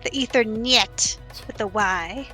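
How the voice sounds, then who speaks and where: Bright woman making wry quips. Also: fairly high pitch, slow, soft background music. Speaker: stream guest. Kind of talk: casual gaming stream chat.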